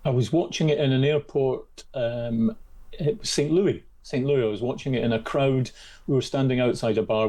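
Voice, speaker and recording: A man's voice: fairly low pitch, dark tone. A Scottish man, a sports journalist, telling stories and giving strong opinions as a guest on a radio interview. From Scotland. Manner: chatty, anecdotal, opinionated.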